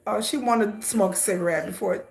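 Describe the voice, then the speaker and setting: A woman's voice: mid-range voice, brisk, vocal fry, soft background music. A woman hosting a casual live reaction, commenting sassily on a show and laughing as she talks back at the screen. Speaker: reaction host.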